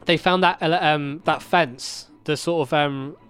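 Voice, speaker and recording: Casual male co-host, smooth and slightly high voice, chatty and quick to laugh. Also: fairly bright tone. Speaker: podcast co-host. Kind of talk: casual chat watching a show.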